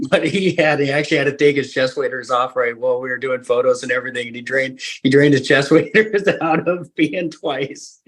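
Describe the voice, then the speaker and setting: A man's voice: medium pitch, brisk, a bit bright. Guy from alaska telling a hunting story on a podcast, laughs a lot, acts out the dialogue. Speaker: hunting guide and guest.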